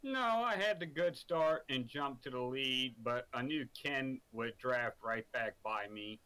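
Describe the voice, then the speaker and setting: Male driver in a post-race interview, bright tone, even and matter-of-fact. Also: medium pitch, rough recording. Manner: calm, matter-of-fact explanation. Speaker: third-place driver.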